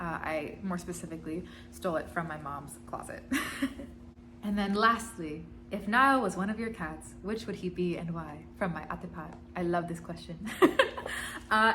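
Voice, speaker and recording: A woman's voice: fairly low pitch, fairly bright tone. Chatty giggly girl in her 20s doing a fan q&a, a bit of hiss in the background. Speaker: singer and vlogger answering fan questions. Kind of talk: casual Q&A vlog.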